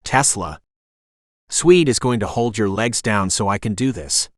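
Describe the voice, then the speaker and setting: A man with a synthetic narrator voice reading the lines of a calm, firm soldier with a dry sense of humor. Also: lowish voice, measured pace, dry recording. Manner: steady, dryly humorous. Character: calm, firm male soldier caring for her.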